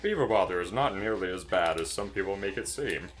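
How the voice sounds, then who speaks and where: A man's voice: sits low, animated, fairly quick. A man co-hosting a gaming video, joking and laughing along. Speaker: co-host. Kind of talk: casual gaming commentary.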